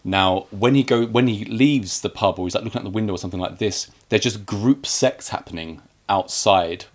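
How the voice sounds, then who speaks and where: A man's voice: lowish voice, normal speed. A man co-hosting a casual film review, chatty and joking, acting out scenes with quoted lines. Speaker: podcast co-host.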